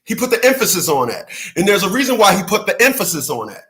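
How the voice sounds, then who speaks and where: A man hosting his channel, delivering a heated commentary rant, loud and emphatic, often laughing and repeating himself. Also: high voice, sing-song, fast talker, rough recording. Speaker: channel host.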